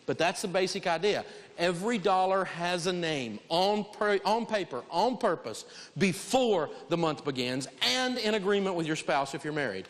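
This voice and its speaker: A man teaching a live money lesson to an audience, preachy, rising to shouts for emphasis. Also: high-pitched, animated, normal speed. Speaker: financial teacher. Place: large hall with a live audience. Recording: long hall reverb.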